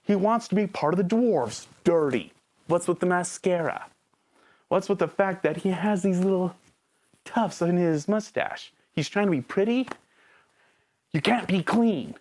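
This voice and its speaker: A woman's voice: on the low side, animated, measured pace, a little mellow. A woman reviewing a movie in a casual video, talking straight to the viewer with sarcastic rhetorical questions.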